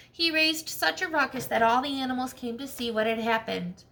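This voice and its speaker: Bright, gravelly-voiced teacher reading aloud. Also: female voice, high-pitched, brisk, hardly any pauses. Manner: expressive, asks children questions. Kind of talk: reading a storybook aloud to children.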